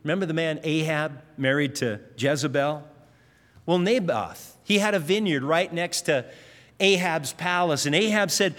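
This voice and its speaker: A man's voice: moderate pace, fairly bright tone. Preacher man in a reverberant hall. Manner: storytelling, acts out quoted lines with rising pitch. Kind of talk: sermon.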